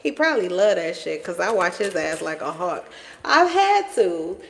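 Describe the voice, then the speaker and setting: A woman's voice: lowish voice, sing-song, normal speed, vocal fry, big-room sound. A woman giving a casual collective tarot reading, chatty and playful, laughing often and swearing freely. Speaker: tarot reader.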